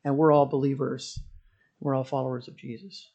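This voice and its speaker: A middle-aged man preaching a sermon as pastor, telling stories and building to loud, impassioned preaching. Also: mid-range voice, little pitch movement, moderate pace, lo-fi sound.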